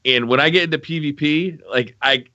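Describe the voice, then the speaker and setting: A man with a fairly high, sharp and forceful voice hosts a casual gaming podcast. He reads listener questions and answers candidly, cursing now and then. The sound is dry and a bit dull, like lo-fi podcast audio. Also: a little fast, dry recording. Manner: candid, swears freely.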